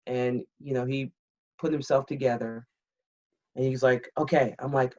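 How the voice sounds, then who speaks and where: Speaking at normal speed with an extremely low pitch and long pauses, a retired military pilot in her fifties candidly recounts a story on a podcast. She acts out the dialogue in a blunt, animated retelling. It's a casual interview, recorded slightly muffled and dull.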